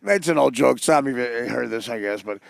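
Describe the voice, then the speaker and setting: A man co-hosting a podcast, wry and sarcastic, telling jokes in a relaxed banter. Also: medium pitch, a little fast, gravelly, no room sound. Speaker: co-host.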